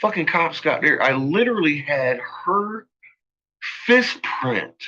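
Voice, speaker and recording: A man's voice: fairly high pitch, big pitch swings, moderate pace, sharp tone, lo-fi sound. A man telling a rambling personal story, swearing freely and laughing often. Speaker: vlogger.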